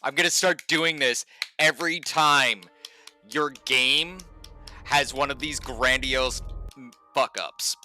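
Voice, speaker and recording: Male streamer, bright forceful voice, slow sarcastic ranting with lots of swearing. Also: medium pitch, steady tone, soft background music. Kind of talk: ranting live game stream.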